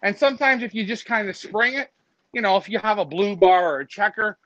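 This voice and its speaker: A man's voice: sits high, a little fast, fairly bright tone, no echo, dull audio. A man co-hosting a casual livestream, chatting in an easygoing, friendly way. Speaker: co-host, loft manager.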